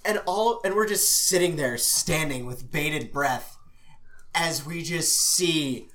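A man, a podcast guest, telling a funny story in a casual, animated way. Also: fairly high pitch, slow pace.

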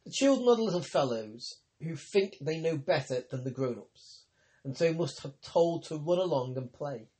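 A man voicing a grave, ironic young woman healer, speaking calmly and teasingly in an audiobook reading. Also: on the high side, normal speed, lightly acted. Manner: calm, teasing, persuasive.

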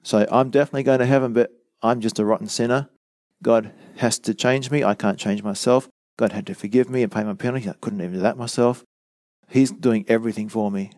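A man's voice: mid-range voice, steady tone, fast, darkish tone, no echo, clean studio sound. A man giving a teaching sermon, earnest and emphatic, who explains with rhetorical questions and repeated lines. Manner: rhetorical questions, acts out quoted voices. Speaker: preacher.

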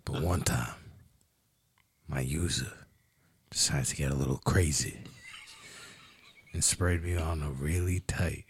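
A man voicing a sultry male can of spray lubricant, speaking in a smooth, breathy whisper. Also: extremely low pitch, fairly even intonation, voice pushed down, exaggerated voice. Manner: slow, smooth, seductive. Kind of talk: improvised comedy role-play.

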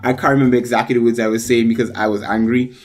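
A man's voice: mid-range voice, level tone, very fast. A man casually telling a long personal anecdote, full of fillers, acting out what others said. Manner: rambling anecdote with many fillers, acts out quoted voices. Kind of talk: casual storytelling chat.

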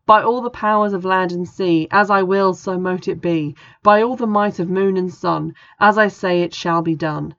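Woman doing a teen girl witch, urgent chanting, high shrieks, gravelly edge, muffled lo-fi sound. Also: takes it slowly, dry recording. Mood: commanding. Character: teenage girl witch casting spells against a ghost. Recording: dull lo-fi recording.

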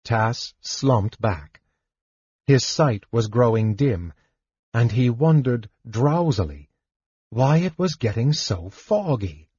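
A man narrating a fantasy audiobook in a measured, expressive storytelling manner. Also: medium pitch, slightly rough, dry recording. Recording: dull lo-fi dry recording.

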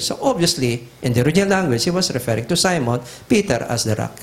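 A man's voice: on the high side, expressive, fast, hardly any pauses. A middle-aged Filipino man preaching a teaching sermon, emphatic and repetitive, switching back and forth between languages. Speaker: pastor.

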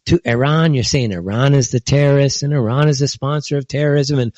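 A man's voice: brisk, hardly any pauses, a little mellow, no room sound. Heated man ranting, dull lo-fi sound. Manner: heated, scornful, pitch jumps high when indignant. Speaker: political commentary host. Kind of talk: online opinion show monologue. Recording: dull lo-fi dry recording.

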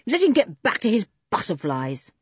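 A woman's voice: medium pitch, huge pitch swings, moderate pace, husky, no room sound, muffled recording, voice pushed up. A woman reading aloud, voicing a confident, cool-headed teenage boy who speaks coldly and firmly. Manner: cold and firm.

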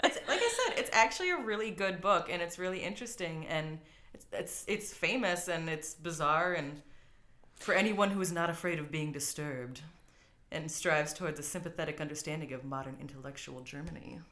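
A woman's voice: low-pitched, brisk, a bit bright. A young woman co-hosting a podcast in casual chat, rambling through a book summary with frequent laughs. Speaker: podcast co-host.

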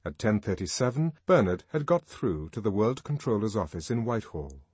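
A man narrating a novel in a measured, expressive audiobook reading. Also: fairly low pitch, husky, no echo. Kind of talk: scripted narration.

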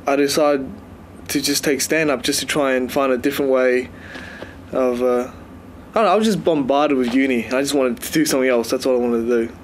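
A young man talks casually in an interview, pausing and hesitating often. Faint background noise is heard. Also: medium pitch.

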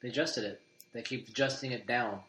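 Very low-voiced woman in an echoey room. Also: fairly quick, a bit bright. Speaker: podcast co-host. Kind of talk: casual chat.

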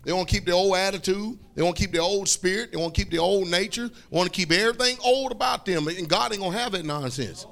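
A man preaching a fiery sermon, repeating phrases, calling for responses and breaking into shouts. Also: high voice, fast talker, vocal fry, hardly any pauses.

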